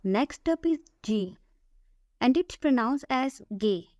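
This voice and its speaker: A woman teaching a language lesson, saying each letter and example word slowly and repeating them for the listener to copy. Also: fairly high pitch, animated, a little mellow, no room sound. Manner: slow, careful, repeats each word for practice. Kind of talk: slow scripted alphabet lesson.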